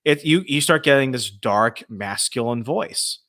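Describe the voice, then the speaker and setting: A man's voice: mid-range voice, measured pace, dry recording, clean studio sound. A man telling ghost stories as a podcast guest, casual and profane, acting out quotes from the people in them. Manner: profane, animated storytelling with acted-out quotes. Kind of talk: casual storytelling.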